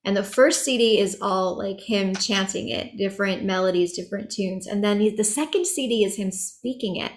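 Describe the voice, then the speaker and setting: A woman teaching an online chanting workshop, chatty and relaxed, laughing as she explains pronunciation over a video call. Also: medium pitch, moderate pace, hardly any pauses, slight background noise.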